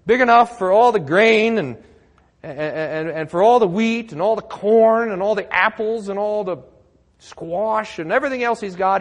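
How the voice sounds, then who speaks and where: A man's voice: sits high, long reverb tail. A man preaching a sermon as pastor, telling the story with acted-out quotes and laughing along.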